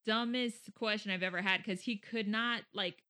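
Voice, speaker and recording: A woman's voice: medium pitch, steady tone, moderate pace, sharp tone. A woman from Mexico co-hosting a casual chat, talking freely with lots of fillers and a few swear words. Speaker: podcast co-host.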